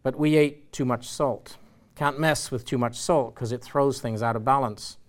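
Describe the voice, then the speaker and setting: A man's voice: medium pitch, normal speed, lightly acted. A man with an Irish accent reading out the words of an insistent old grandfather storyteller, in a raised, emphatic voice.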